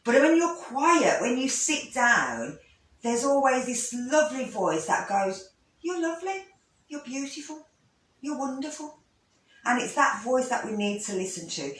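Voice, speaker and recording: A woman, a yoga teacher gently guiding a breathing lesson, with pauses and restarts. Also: fairly high pitch, very animated. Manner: gentle, instructive, with fillers and restarts. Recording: echoey room, voice from a distance.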